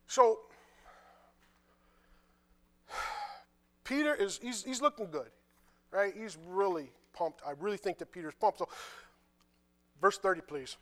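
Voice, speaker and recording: A man preaching a sermon, reading scripture and retelling it in casual, conversational dialogue, with quiet asides in between. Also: extremely high pitch, moderate pace, long pauses. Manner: animated, drops to quiet asides.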